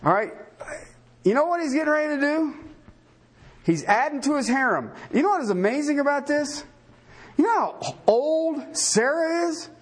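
A man's voice: very high-pitched, expressive, moderate pace. A man preaching a sermon to a live congregation, folksy and joking, often asking questions and stumbling over his restarts. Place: church before a live congregation.

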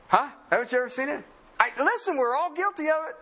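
Lively high-voiced male preacher. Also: fast talker. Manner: conversational, sarcastic, pulpit preaching with rhetorical questions. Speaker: pastor. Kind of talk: sermon.

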